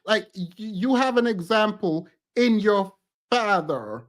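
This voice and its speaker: A man's voice: high-pitched, expressive, unhurried. A man streaming reaction commentary on reality TV clips, exasperated and ranting, repeating words for emphasis.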